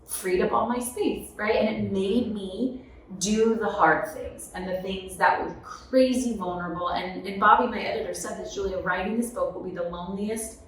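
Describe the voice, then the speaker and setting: A woman author in her thirties telling lively stories in a podcast conversation, often asking "right?". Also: medium pitch, normal speed. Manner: animated, tag questions like "right?". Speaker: author and guest. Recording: echoey room, mic at a distance.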